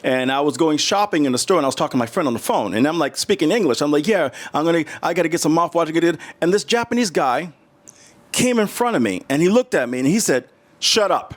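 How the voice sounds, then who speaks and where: A fast-talking middle-aged man from the U.S., his voice a little high, shares stories as a guest in a casual interview. He keeps restarting and animatedly acts out the voices of those involved.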